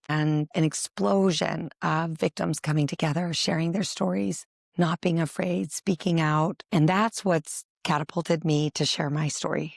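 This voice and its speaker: A woman's voice: low-pitched, gravelly, dry recording, clean studio sound. A woman family therapist speaking in a documentary interview, earnest and emphatic, stacking her points in repeated lists.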